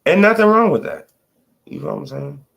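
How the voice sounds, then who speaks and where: The voice is a little high and fairly quick, creaky, a bit bright and slightly rough, with lively intonation. He's hosting a laid-back boxing livestream, rambling in profane slang and filler words and dropping "bro" and "man" constantly.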